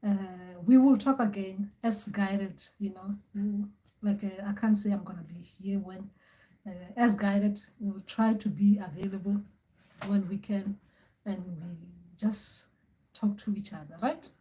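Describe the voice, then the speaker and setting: A woman's voice: mid-range voice, steady tone, unhurried, dark tone. A woman hosting a spiritual advice session, talking in a casual, rambling and repetitive way with many fillers. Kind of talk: casual livestream talk.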